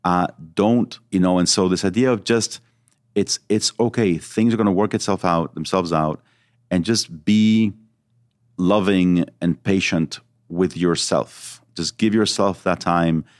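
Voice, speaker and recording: A man's voice: sits low, steady tone, measured pace, no room sound, clean studio sound. A man talking as a podcast guest, earnest and reflective, explaining ideas with examples. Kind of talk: podcast interview.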